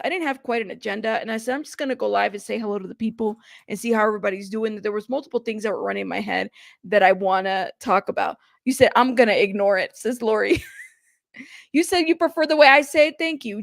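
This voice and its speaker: Woman host of a casual live stream, higher voice with a gravelly fry, dry close sound, chatty and teasing with her viewers. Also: no echo. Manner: chatty, reads viewer chat aloud and gives shout-outs; playful, teasing. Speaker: livestream host.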